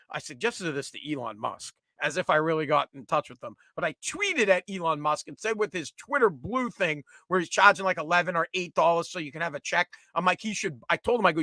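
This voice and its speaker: A middle-aged man, hosting a casual comedic rant that is profane and animated. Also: sits high, no room sound. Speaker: podcast host.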